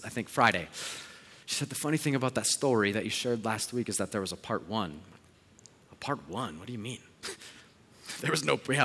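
A man in his thirties preaching a sermon as pastor, earnest, moving between hushed and rising emphasis. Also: medium pitch. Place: church sanctuary. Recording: long hall reverb.

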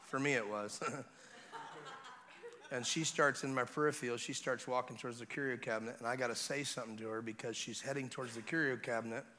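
Young male revival preacher, bright forceful voice, storytelling with big swings from hushed to shouting. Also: mid-range voice, fast. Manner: animated, building from hushed to shouting. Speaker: guest preacher.

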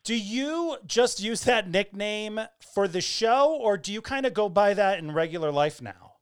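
A woman's voice: medium pitch, animated, a little slow, smooth, no room sound, studio quality. A woman hosting a podcast, chatting loosely, laughing often and swearing freely. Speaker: podcast host. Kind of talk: casual chat.

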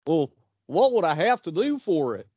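A dopey cartoon dog fellow, as a man puts him on, high and slow with a swooping, goofy lilt. The sound is dry and a bit dull, like a home podcast mic. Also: sing-song, a little mellow, husky, no echo.

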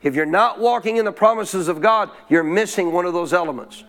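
High-voiced preaching pastor. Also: male voice, brisk, a bit bright. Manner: call-and-response preaching, asks congregation questions. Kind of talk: sermon. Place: church.

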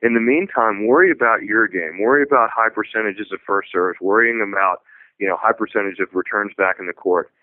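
A tennis coach talking on a radio show, telling stories in a relaxed, conversational way. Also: male voice, fairly low pitch, a little fast, no echo. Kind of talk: radio talk show discussion. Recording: tinny phone-like radio audio.

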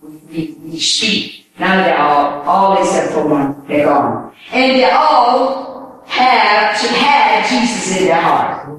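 An older woman preaching her testimony in an animated way, often firing questions at the audience. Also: on the low side, slow. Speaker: speaker giving her testimony. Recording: echoey hall, voice from far off.

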